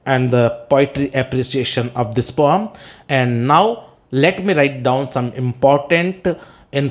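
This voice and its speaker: Speaking at a medium pitch, a man with an Indian English accent gives a classroom lecture on poetry as an English teacher. He explains things step by step, asks and answers his own questions, and fills his talk with "uh"s and checks of "okay?"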